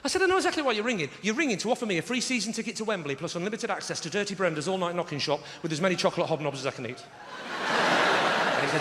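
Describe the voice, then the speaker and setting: A man's voice: high-pitched, animated, very fast, heavy background noise. A man with an English accent doing a sarcastic stand-up routine on a theatre stage, acting out a phone call with a salesman. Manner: sarcastic, storytelling with acted-out phone dialogue. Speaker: stand-up comedian. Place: large theatre stage with live audience. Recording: echoey theatre hall, loud ambience.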